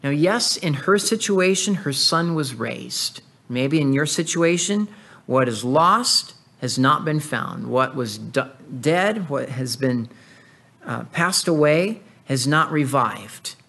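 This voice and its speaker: A man with a slightly raised speaking pitch delivers an earnest expository sermon. He walks through a scripture passage, reading it aloud and reflecting on it. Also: expressive, takes it slowly, gravelly, bright, forceful tone. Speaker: pastor.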